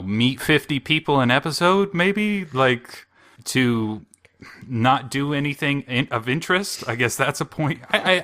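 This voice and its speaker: A man's voice: medium pitch, pushed and bright. A young man on a casual podcast, recapping an anime episode with wry, sarcastic humor and frequent chuckles.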